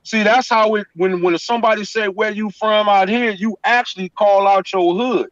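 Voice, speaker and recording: A man talks in a fairly high voice, emphatic and story-driven, and keeps checking in with the listener. The sound is dull and lo-fi, like a call line, and very dry. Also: fairly even intonation, moderate pace, fairly bright tone, no echo. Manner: emphatic street storytelling, repeats "you know what I'm saying". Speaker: guest. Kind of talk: casual chat.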